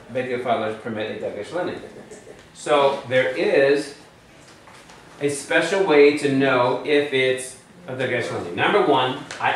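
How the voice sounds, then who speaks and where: A man teaching a Hebrew grammar class, explaining rules step by step and quizzing his students. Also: medium pitch. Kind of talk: classroom lesson. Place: class room. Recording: very echoey room, far from mic.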